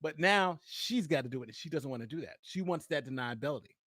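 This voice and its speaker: A man hosting a livestream, giving rapid, mocking play-by-play on a meeting. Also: a little high, lively intonation, a crowd in the background. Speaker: livestream host. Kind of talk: live commentary.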